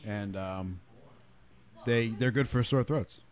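A man co-hosting a crude comedy chat, riffing bluntly with insults and dark jokes. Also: lowish voice, slow, clean tone. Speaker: podcast co-host. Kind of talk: crude casual banter.

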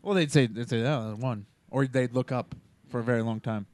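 A man in a casual comedy podcast, wry and quick to pick apart a joke. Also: mid-range voice, a little mellow, no echo.

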